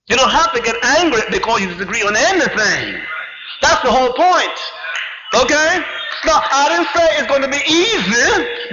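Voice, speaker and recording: A man's voice: very high voice, bright, forceful tone. A man giving an emphatic spiritual lecture to a live audience, driving his points home with rhetorical questions and repeated "you see". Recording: dull lo-fi 1990s hall recording with long reverb.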